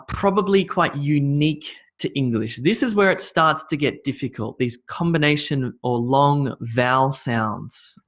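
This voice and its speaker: Guy teaching english vowel sounds, super slow, repeats every word like three times. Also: on the high side, fairly bright tone. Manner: repeats sounds and words slowly in sets, instructive. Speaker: pronunciation teacher. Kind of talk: pronunciation drill lesson.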